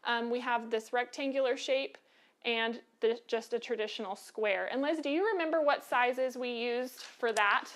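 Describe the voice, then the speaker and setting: A high-voiced American woman hosts a quilting lesson. She talks in a chatty, encouraging way and drops in frequent filler ums as she explains her steps. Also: moderate pace. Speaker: quilting show host. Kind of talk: live online quilting lesson.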